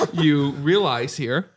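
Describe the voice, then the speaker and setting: A podcast host with a somewhat high, lively voice that rises and falls a lot. He steers a silly bit with quick prompts and frequent chuckles. His talk is relaxed and chatty. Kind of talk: casual podcast chat.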